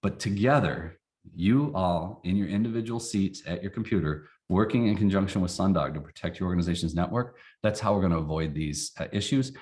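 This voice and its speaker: A man who runs a company, presenting a casual training webinar in a folksy, animated way and acting out examples. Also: sits low, a little fast.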